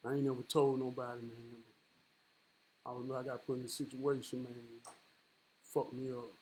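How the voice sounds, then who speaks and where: Man doing a hurt ashamed grown man, low hushed voice, quick mumbled confiding. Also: little pitch movement, a little hiss or hum, close to an everyday voice, low-quality recording. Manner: mumbled, hurried, subdued.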